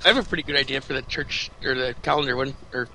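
Fast-talking man with a sharp bright voice. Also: mid-range voice, a little hiss or hum, rough recording. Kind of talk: casual chat.

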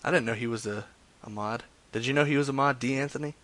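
A man's voice: mid-range voice, fast talker, a bit bright, no room sound. Joking, crude man hosting prank calls. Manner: crude, joking, trails off into mumbles. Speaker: prank caller hosting a call-in stream. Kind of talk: casual rambling chat with prank calls.

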